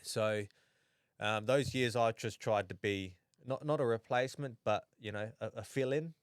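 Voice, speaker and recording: A young Australian man chatting casually as a podcast guest, halting and full of restarts. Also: medium pitch, clear, resonant tone, dry recording, studio quality. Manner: halting, many restarts and fillers. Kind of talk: casual chat.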